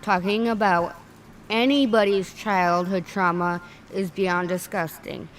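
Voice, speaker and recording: A woman's voice: lowish voice, steady tone, unhurried, slight background noise. A woman hosting a livestream, speaking earnestly and close to tears. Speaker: livestream host. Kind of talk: emotional livestream commentary.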